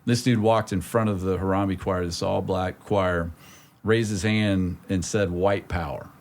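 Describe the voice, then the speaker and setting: Male host, lowish voice, easygoing, rambling delivery. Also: fairly even intonation. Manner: casual, halting, lots of "like" and "you know". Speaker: podcast host. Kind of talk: casual podcast conversation.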